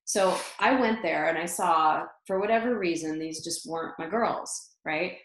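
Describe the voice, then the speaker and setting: Middle-aged woman, interview guest, fairly low voice, lively anecdotes full of fillers and laughs; roomy echo. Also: normal speed. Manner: animated, laughs often, many fillers and restarts. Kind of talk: personal storytelling in conversation.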